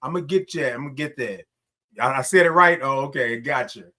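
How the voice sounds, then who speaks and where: A man's voice: medium pitch, a little fast, pushed and bright. A man hosting a casual morning livestream, greeting viewers by name and stretching out his sung greetings. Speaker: livestream host.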